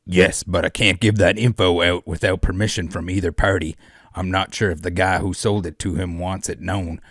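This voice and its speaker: A man voicing a defensive, curt evil cowboy, loud and clipped. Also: low voice, steady tone, normal speed, no room sound, studio quality.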